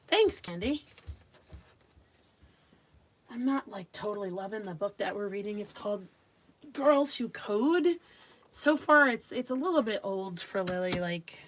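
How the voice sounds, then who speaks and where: With lively intonation at medium pitch, a craft livestream host, an adult woman with young children, chats with viewers and reads their comments aloud as she works. She speaks a little slowly with long pauses, and there's slight background noise.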